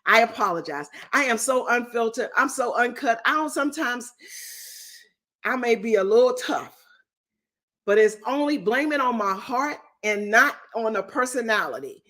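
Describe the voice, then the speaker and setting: A woman hosting a live-streamed business coaching session, talking in an energetic, unfiltered call-and-response way. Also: a little high, normal speed. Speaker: business and success coach, host.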